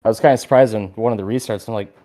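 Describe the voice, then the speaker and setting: A man co-hosting a podcast in casual chat, telling a story with animated energy and plenty of swearing. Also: on the low side, very fast. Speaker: podcast co-host.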